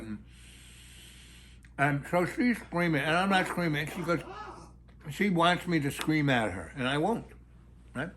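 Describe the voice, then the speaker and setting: Man, fairly high pitch, rambling anecdote, halting delivery, lots of restarts. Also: lively intonation, a bit bright, a little hiss or hum. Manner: halting, full of fillers and restarts, acts out quoted voices. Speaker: storyteller.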